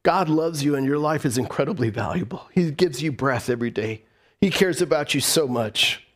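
Guy pastor preaching, kinda high voice, goes up and down a lot telling stories. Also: moderate pace. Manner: animated storytelling, voice rising and falling. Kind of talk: sermon.

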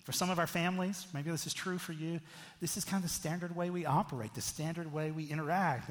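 Pastor preaching in a reverberant hall. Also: male voice, on the high side, normal speed. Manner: conversational, frequent "right?" asides. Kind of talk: sermon.

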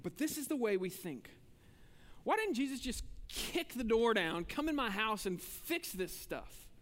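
A man preaches in a high, ringing voice that carries through a large hall with a long trailing reverb. He talks conversationally to the congregation. He pushes hard on key points, then drops low and quiet. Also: sing-song, measured pace. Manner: conversational preaching, swinging between emphatic and hushed. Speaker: pastor. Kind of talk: sermon.

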